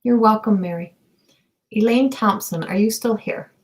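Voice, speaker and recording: Female medium on a live stream, calm and hesitant, lots of restarts, now and then close to a whisper. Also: medium pitch, low-quality recording. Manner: halting, searching, many fillers and restarts. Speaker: intuitive medium. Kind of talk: live-streamed psychic reading.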